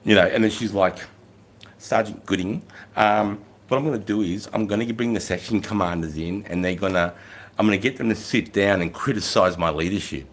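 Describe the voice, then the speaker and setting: A middle-aged man with a somewhat low voice hosts his own livestream, telling army stories in a blunt, swearing-heavy way. He gets much louder and higher when he acts out what he told his soldiers. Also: brisk. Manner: blunt and heavily profane, rising loud when quoting himself. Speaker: livestream host, former army sergeant. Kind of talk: casual storytelling livestream.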